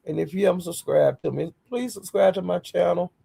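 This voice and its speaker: A woman hosting a casual livestream greets viewers by name and talks bluntly and defiantly. Her voice is lowish, brisk and gravelly yet mellow, with a breathy edge.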